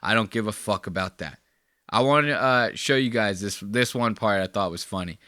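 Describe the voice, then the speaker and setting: A man's voice: lowish voice, moderate pace, bright, forceful tone, dry recording, clean studio sound. A man hosting a podcast, giving casual reaction commentary in a profane, mocking way. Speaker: podcast host.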